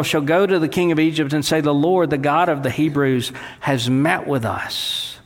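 A male pastor delivers an animated sermon in a church sanctuary. His voice sits slightly high and climbs further when he gets worked up. When he quotes scripture it drops low and slows, and a long hall reverb hangs behind every phrase. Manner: animated preaching, dropping low and slow for quoted words.

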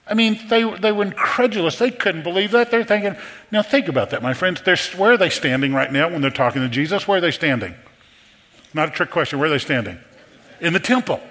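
A man preaching a sermon, animated and full of rhetorical questions to his congregation. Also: fairly high pitch, fast talker. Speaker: pastor. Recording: long hall reverb.

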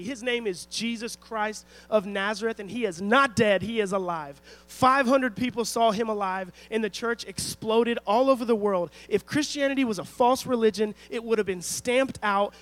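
A male pastor delivers an emphatic, story-driven sermon, frequently posing rhetorical questions to the congregation. His voice sits high, and the audio quality is poor.

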